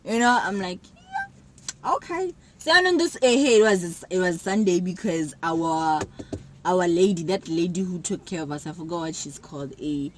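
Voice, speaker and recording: A young woman telling a personal story to camera in a casual, animated way, acting out what people said. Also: fairly low pitch, moderate pace, low-quality recording. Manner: animated, acts out quotes with sudden loud jumps. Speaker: vlogger.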